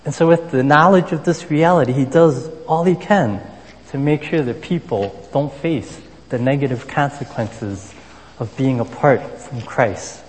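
A man preaching a sermon in a relaxed, conversational manner, filling pauses with "you know" as he moves between scripture and everyday stories. His mid-range voice carries a long reverb tail, as if he is speaking in a large hall. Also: mid-range voice. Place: Boston area.

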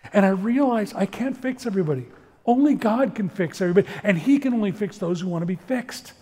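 A middle-aged man preaching in an earnest, animated way, acting out quoted dialogue as he tells stories. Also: sits high. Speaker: pastor. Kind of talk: sermon-style talk with storytelling. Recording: long reverb of a large room.

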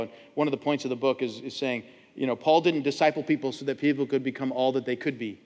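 A middle-aged male pastor preaching a sermon, telling stories and acting out loud quoted voices. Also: medium pitch. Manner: animated storytelling, acts out loud quoted voices. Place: church sanctuary. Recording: long hall reverb.

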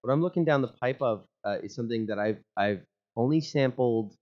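A man's voice: mid-range voice, a little fast. Man joking dryly over a dull mic. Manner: dry, joking banter. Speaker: podcast co-host. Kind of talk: casual chat.

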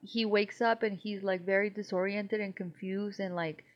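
On slightly dull lo-fi audio, a Mexican podcast co-host speaks at a moderate pace in a mid-range voice with fairly even intonation. She's loose and a little tipsy, rambling, swearing freely, and laughing frequently.

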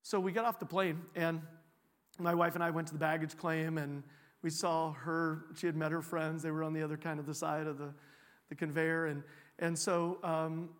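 A man preaching a sermon, telling a personal story in a relaxed, conversational way with frequent fillers and restarts. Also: fairly high pitch, normal speed, big-room sound. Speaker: pastor.

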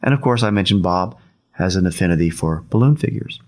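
A man with a slightly low voice spins a long, casual anecdote. He chuckles often and repeats phrases as he goes. He slips into the voices of the people in his story. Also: lively intonation, a little fast. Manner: laughs often while telling, repeats himself, acts out quotes.

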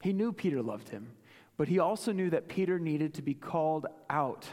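Raised-voiced pastor preaching in a reverberant hall. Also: male voice, fairly high pitch, animated, normal speed. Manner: dramatic, drops to a hush for emphasis; repeats phrases for weight. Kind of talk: sermon.

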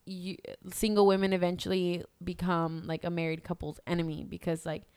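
A woman's voice: fairly low pitch, level tone, brisk, a little mellow, smooth. A young woman chatting on a podcast, mixing Spanish into English and swearing casually. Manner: laughs easily, swears, mixes Spanish into English. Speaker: podcast co-host. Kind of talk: casual chat.

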